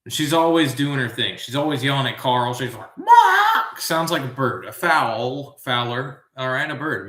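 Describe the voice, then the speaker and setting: A man's voice: medium pitch, a bit bright, echoey room. Goofy rambling male trivia host. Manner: goofy, self-amused, riffs on tangents. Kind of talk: rambling live trivia commentary.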